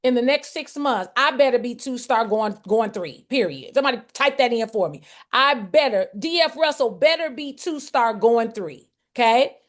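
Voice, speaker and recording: A fairly high-voiced woman runs a group coaching session over a video call. She calls on participants by name and hammers her points home with repetition. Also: expressive, moderate pace, hardly any pauses.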